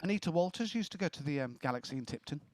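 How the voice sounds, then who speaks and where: A man chatting eagerly on a video call, quick to chip in with questions and trivia. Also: on the high side, lively intonation. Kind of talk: casual chat.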